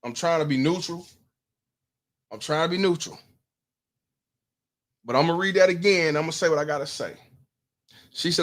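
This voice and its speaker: A man's voice: a little high, normal speed, pauses often. A man, hosting a commentary stream, blunt and profane, putting questions to his audience. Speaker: host.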